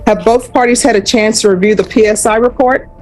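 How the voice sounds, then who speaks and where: A woman judge running a court hearing, formal and measured, reading case numbers slowly. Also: fairly high pitch, fairly even intonation, darkish tone, faint music behind, poor audio. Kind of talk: courtroom proceedings.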